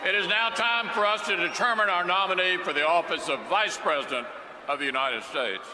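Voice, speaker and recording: A man's voice: high-pitched, brisk. A man presiding over a convention, making formal procedural announcements. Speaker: convention chair. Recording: echoey hall with background noise.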